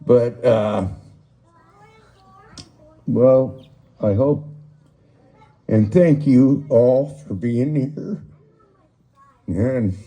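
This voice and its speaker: Slow-talking older man telling stories. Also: medium pitch, warm tone. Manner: folksy, rambling, swears casually. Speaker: friend giving a eulogy. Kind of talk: storytelling at a memorial. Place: memorial gathering.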